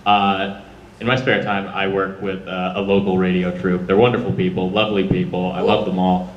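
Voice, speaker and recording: A jokey, chatty man moderates a convention panel, his voice sitting a little low. The sound rings around a big, echoey hall with faint room noise behind. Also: level tone, normal speed, far from the mic, lo-fi sound. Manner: jokey, chatty, playful asides.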